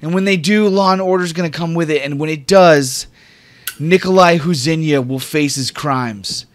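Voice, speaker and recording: A man voicing a stubborn, gruff male lawman, speaking up loud and raised in a tabletop game. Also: on the high side, lively intonation, slow, no room sound, voice pushed up, heavily acted. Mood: defiant. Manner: loud, raised, forceful delivery.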